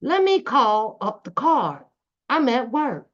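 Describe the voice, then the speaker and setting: Animated swearing middle-aged woman vlogger. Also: on the high side, takes it slowly. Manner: animated, swears, addresses viewers as y'all. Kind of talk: casual storytelling to viewers. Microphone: phone camera. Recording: dull lo-fi recording.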